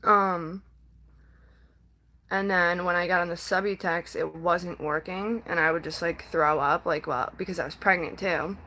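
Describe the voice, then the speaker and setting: A young woman vlogger talks casually to her viewers in a lowish voice that stays steady but sounds pushed and bright. She rambles and halts, full of "like" and "um," and sometimes comes close to tears. The recording is rough.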